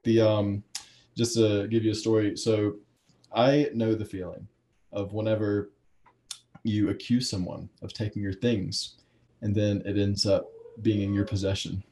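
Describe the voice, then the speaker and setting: A man's voice: fairly low pitch, flat delivery, unhurried, mellow. A man in his twenties hosting a podcast, telling a rambling story with a lot of laughter. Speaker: podcast host. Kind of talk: casual chat.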